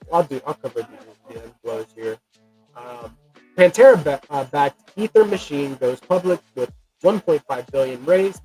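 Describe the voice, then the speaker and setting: A man hosts a nightly crypto news stream in a hot room with an air conditioner running nearby. His voice sits a little high, and he moves from reading headlines to loose, laid-back banter with guests, swearing now and then. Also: dark tone, rough recording. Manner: loose, swearing, quick to laugh. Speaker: host of a crypto news show.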